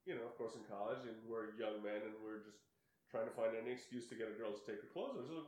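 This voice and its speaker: A middle-aged man co-hosting a casual chat, telling a story with lots of laughter and animated delivery. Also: lowish voice, fast talker. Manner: animated storyteller, laughs often, voices others in quotes. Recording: echoey room.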